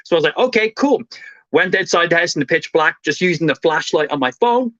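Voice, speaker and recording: A young Irish man streaming live, telling a story in a fast, animated way and swearing casually. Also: on the high side, no echo, highs cut off.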